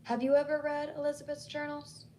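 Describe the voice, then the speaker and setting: A woman voicing an insistent Southern woman with a Southern accent, who stays calm while she presses hard. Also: sits high, fairly quick, far from the mic, pitched above the performer's own voice, close to an everyday voice. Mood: urgent, insistent. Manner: calm but pressing, pleading.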